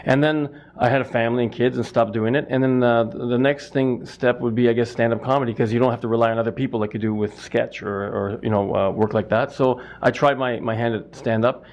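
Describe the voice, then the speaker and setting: A man's voice: medium pitch, steady tone, brisk, few pauses, a little mellow. A middle-aged man from Canada, a stand-up comic and butcher, answering interview questions in a rambling, self-interrupting way.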